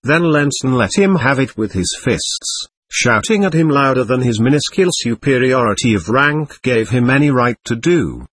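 A man's voice: mid-range voice, animated, moderate pace, a bit bright, slightly rough, dry recording. A man narrating an audiobook in the first person, reading with expression.

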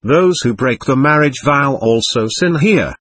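Husky guy reading a solemn story, voice moves around a lot, dry close sound. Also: medium pitch, lively intonation, unhurried, a bit bright, dry recording. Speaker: narrator. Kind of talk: scripted narration of a visionary text.

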